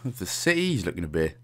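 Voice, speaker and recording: This Welsh man talks with a lively, bouncing pitch, wandering up and down as he narrates his walkthrough. He is cheeky and chatty, and he jokes and chuckles through the commentary. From Wales. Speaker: game walkthrough host. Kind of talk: casual gameplay commentary.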